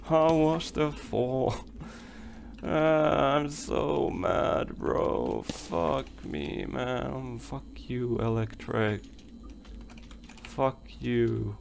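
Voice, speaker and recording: A man's voice: medium pitch, extremely slow, gravelly. A young man giving rambling let's play commentary as he plays, talking to himself and swearing when things go wrong. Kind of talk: game commentary.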